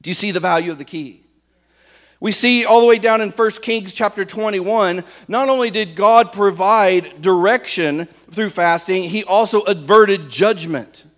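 Male preacher, high voice, emphatic sermon delivery, rhetorical questions aimed at the congregation. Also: unhurried.

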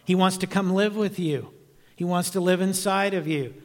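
A man's voice: sits high, normal speed, long reverb tail. A man in his sixties preaching a sermon, telling a personal testimony in an earnest, emphatic storytelling way. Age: 60s. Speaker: evangelist.

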